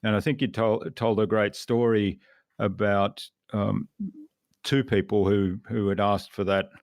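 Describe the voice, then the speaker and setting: A man hosting a podcast interview, speaking in a measured, reflective way. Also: on the low side, little pitch movement, a little mellow, dry recording, studio quality. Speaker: podcast host.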